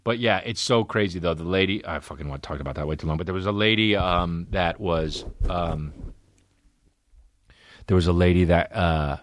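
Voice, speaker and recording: A man hosting a comedy podcast, ranting in a profane, excitable way and jumping into loud yelling bits. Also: deep voice, moderate pace, no room sound. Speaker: podcast host. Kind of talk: casual comedic monologue.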